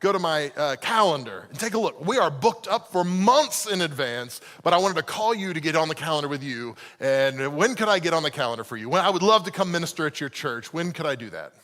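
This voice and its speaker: A man's voice: fairly high pitch, lively intonation, brisk, few pauses, fairly bright tone, long reverb tail. A man voicing a pushy, self-promoting male traveling preacher in a put-on pastor voice, insistent and salesy.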